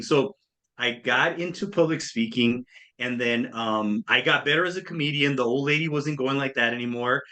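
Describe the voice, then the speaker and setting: Speaking at a moderate pace in a mid-range voice, a thirtysomething man, a speaker and coach, recounts his story during an interview. He brings quoted people to life by acting out their voices with animation.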